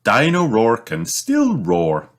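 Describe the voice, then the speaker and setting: A man reading a storybook aloud, voicing a gentle, calm mother pig in a soft soothing tone. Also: fairly low pitch, a little slow, full character voice.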